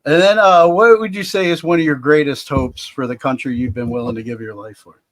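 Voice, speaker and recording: A man's voice: on the high side, fairly quick. A man hosts a podcast interview, keeping his reactions short and his questions easygoing. His voice sounds close and dry, with no room echo. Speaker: podcast host. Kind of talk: casual interview.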